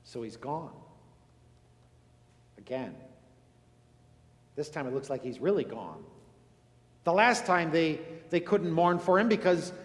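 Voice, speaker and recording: A male pastor preaching a sermon earnestly, moving between emphatic lines and hushed, solemn ones. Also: on the high side, lively intonation, a little slow, long pauses. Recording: echoey hall with long reverb.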